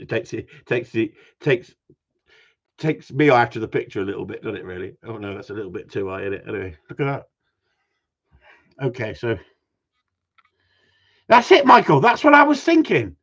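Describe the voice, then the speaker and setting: A man's voice: lowish voice, lively intonation, fairly quick. A man, hosting a casual live stream, reading out viewer comments and teasing his audience with jokes and mild swearing. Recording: dull lo-fi sound.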